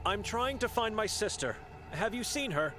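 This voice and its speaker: Höflicher junger Mönch, mit Spielmusik. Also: male voice, sits high, big pitch swings, normal speed. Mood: concerned. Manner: polite, questioning, concerned. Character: earnest young male monk searching for his sister. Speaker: player character. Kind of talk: video game voice acting. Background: game music.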